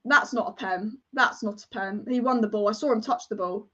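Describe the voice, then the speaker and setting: A young woman hosting a live football watch-along, excitable and casual, chanting and swearing as she reacts. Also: a little high, a little fast. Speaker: football fan livestream host. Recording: dull lo-fi stream audio.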